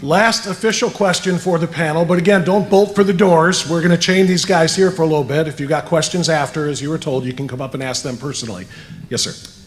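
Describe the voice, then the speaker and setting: A man hosting a political town hall, running crowd work with brisk jokes. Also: fairly high pitch.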